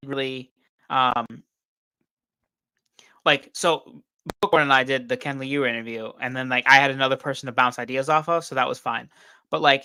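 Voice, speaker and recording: A man's voice: medium pitch, sharp tone, clean tone, no echo. A tired man chatting as a guest about a novel over a video call, easygoing and rambling with many "like"s. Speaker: book reviewer guest. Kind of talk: casual chat about a book.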